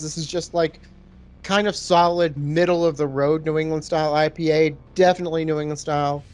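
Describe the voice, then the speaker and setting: A man co-hosting a casual podcast, giving a relaxed, hedging review of a beer and a film. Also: a little high. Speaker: podcast co-host. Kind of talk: casual chat about a film over beer.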